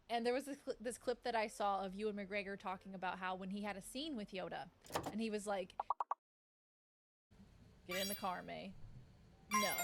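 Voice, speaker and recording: A woman's voice: mid-range voice, background noise. A woman streaming games, chatting playfully with her viewers and laughing often. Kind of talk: live-stream gaming chat.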